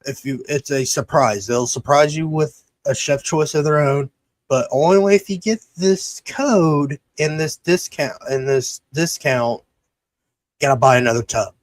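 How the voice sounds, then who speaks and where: A man's voice: on the high side, measured pace, no echo. A man hosting a podcast, reading a sponsor plug in a rambling, casual way, swearing and tripping over his words. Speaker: podcast host.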